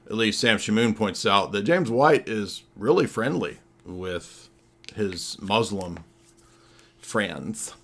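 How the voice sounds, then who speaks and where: A man's voice: lowish voice, sharp tone. A man hosting a livestream as a comedian, talking casually in a sarcastic, mocking way with rambling asides.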